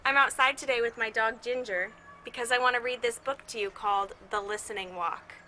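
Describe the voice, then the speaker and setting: A woman teacher reads a picture book aloud to children while sitting outdoors with her dog. She stays cheerful and imitates each sound in the story, in a very bright, slightly high voice. Faint outdoor noise hums in the background. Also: steady tone, a little fast, low-quality recording. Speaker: music teacher reading to children.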